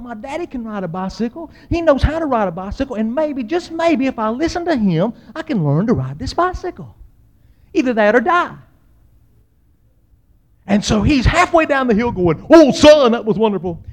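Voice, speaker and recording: A man with a drawl spins a funny tale from his own life, his voice sitting high for a man. He acts out the voices of the people in it and lets out big yells at the exciting moments. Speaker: storyteller. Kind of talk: humorous personal storytelling.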